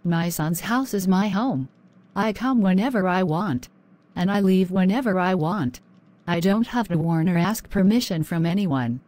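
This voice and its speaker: A woman's voice: lowish voice, measured pace, a little mellow, close to an everyday voice. A woman voicing a stern, bossy older mother-in-law in a cartoon, with a cold, domineering manner.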